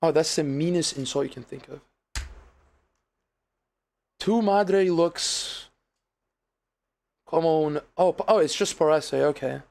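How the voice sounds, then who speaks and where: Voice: medium pitch, slow pace, creaky, long pauses, darkish tone. A streamer from Brazil, a Portuguese speaker, chatting casually and rambling with many fillers and swears. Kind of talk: casual live-stream chat. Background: music playing.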